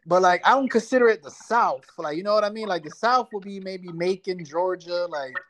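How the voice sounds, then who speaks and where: A man from Florida, a guest in a casual chat, talking in relaxed slang and swearing a lot. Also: sits high, fairly quick, poor audio.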